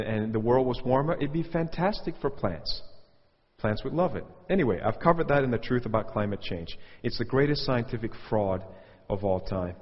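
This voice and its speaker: A male preacher with a mid-pitched voice, animated and pointed, and he mocks the lines he quotes. The recording sounds dull. A long hall reverb trails after every phrase. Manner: animated, mocking quotes in a raised voice. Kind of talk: sermon with commentary.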